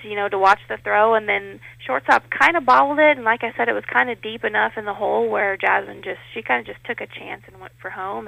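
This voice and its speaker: A woman, a head softball coach, recapping a game in a relaxed, matter-of-fact way with fillers, heard over a phone line in a radio interview. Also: mid-range voice, gravelly, dry recording.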